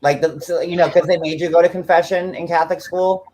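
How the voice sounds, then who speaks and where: A man's voice: a little high, steady tone, fast, darkish tone, a little hiss or hum. A man in his forties hosting a casual livestream chat, talking in a rambling way, full of "like". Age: 40s. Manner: chatty, fillers of "like" throughout. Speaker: livestream host.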